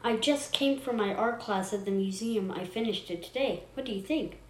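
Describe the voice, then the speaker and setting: A woman voicing a forceful, doting mother who is insistent and bright. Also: medium pitch, normal speed, natural voice. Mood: proud. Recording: roomy echo, faint noise.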